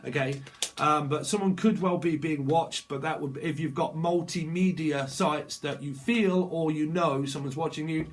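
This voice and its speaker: Guy rambling through a tarot reading, slangy and sweary, slightly high voice. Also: normal speed. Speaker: tarot reader. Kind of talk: channeled tarot reading monologue.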